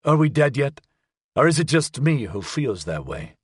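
A man's voice: medium pitch, big pitch swings, normal speed, slightly rough, no echo. A man voicing a dazed, wounded man who makes dry, wry jokes in an audiobook.

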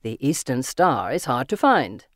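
A narrator voicing a man of a secret brotherhood who greets a recruit in a low but cheery voice, quiet and conspiratorial. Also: big pitch swings, unhurried, no echo, studio quality. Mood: sly.

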